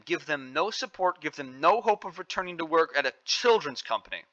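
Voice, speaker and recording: A man's voice: fairly high pitch, lively intonation, fairly quick, few pauses, pushed and bright, highs cut off. A man giving opinionated, indignant news commentary, stressing points by repeating phrases. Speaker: commentary vlogger.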